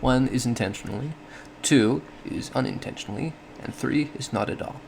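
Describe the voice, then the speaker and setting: A man's voice: mid-range voice, normal speed, creaky, slight background noise. A man giving a casual explanatory monologue, thinking aloud with frequent self-corrections and small laughs. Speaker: solo podcast host.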